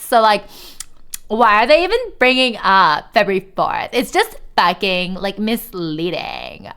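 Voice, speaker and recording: A woman livestreamer in casual chat, reading aloud to her viewers; excitable and chatty, swearing freely. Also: medium pitch, smooth.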